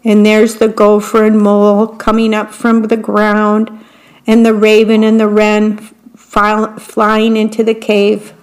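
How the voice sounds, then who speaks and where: A woman reading picture books aloud slowly and expressively, describing the pictures between the verses. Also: mid-range voice, completely flat delivery, a little mellow, poor audio. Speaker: storybook reader.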